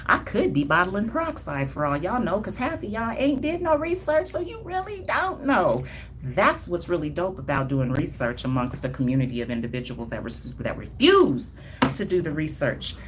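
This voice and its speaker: A woman's voice: fairly low pitch, big pitch swings, normal speed, a little hiss or hum. A woman hair stylist talking casually and emphatically to viewers on a livestream, with sassy, colloquial asides and chuckles. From Denver, Colorado. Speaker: hair stylist and brand owner.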